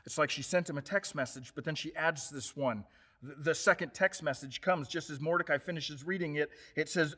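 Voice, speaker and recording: A male pastor preaching a sermon, retelling scripture as lively storytelling, rising to loud emphasis and dropping low and quiet. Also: fairly quick, breathy edge. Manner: animated storytelling, paraphrases scripture in modern speech.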